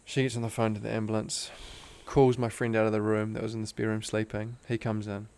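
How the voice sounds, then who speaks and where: A man's voice: on the low side, level tone, a little fast, darkish tone, clear, resonant tone. A young man, a podcast guest, telling a personal story in an earnest, intense way, full of "like" fillers. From Australia. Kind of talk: casual storytelling interview.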